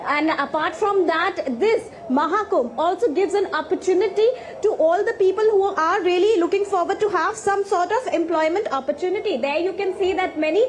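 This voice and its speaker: Indian lady reporting live outdoors, high voice, lots of uhs and restarts. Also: moderate pace, few pauses. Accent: Indian English. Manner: talks with frequent fillers and restarts. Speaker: field reporter. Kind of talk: live news report from the field. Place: outdoors at a festival tent city.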